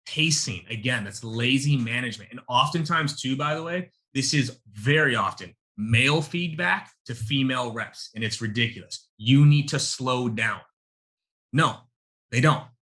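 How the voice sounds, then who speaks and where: Male sales coach, emphatic webinar delivery, bright forceful tone, calls listeners y'all. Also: medium pitch, moderate pace. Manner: emphatic, punchy, addresses audience as y'all. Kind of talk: energetic live webinar teaching.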